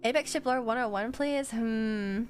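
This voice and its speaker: A woman's voice: fairly high pitch, measured pace, soft background music. A woman streamer chatting casually with her viewers while she draws, swearing freely and laughing often.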